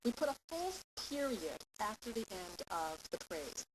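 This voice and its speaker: A woman teaching a parenting class in an animated, explanatory way, checking in with "okay" often. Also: fairly high pitch, fairly quick. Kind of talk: lecture. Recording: hissy amateur recording.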